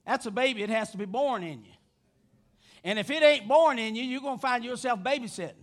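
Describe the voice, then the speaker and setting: A man preaching a sermon with passion, rising to shouting, his voice breaking into a cry at the peaks. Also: very high voice, expressive, fairly quick. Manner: impassioned preaching that rises to shouting.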